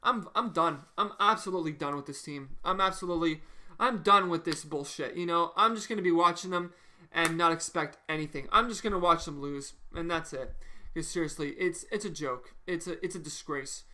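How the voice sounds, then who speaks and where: A man's voice: a little high, brisk, bright, forceful tone. A man hosting a football fan video, delivering an exasperated post-match reaction rant with heavy swearing and repeated phrases. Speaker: football fan channel host.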